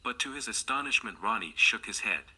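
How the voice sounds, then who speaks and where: A man reading a mystery novel aloud in an even, measured storytelling manner. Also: mid-range voice, husky. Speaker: audiobook narrator. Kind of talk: scripted narration.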